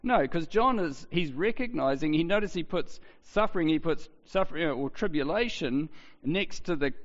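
A man with a fairly high voice preaches a sermon in an easy, conversational way, asking rhetorical questions. He often restarts his sentences. The recording is dull and lo-fi, with a long reverb from a church hall. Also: animated, normal speed.

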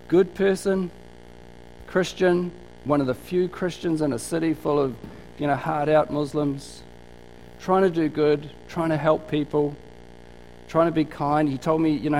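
A man's voice: a little high, vocal fry, a little mellow, slight background noise, low-quality recording. A man preaching a conversational sermon, telling stories and asking rhetorical questions. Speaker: pastor.

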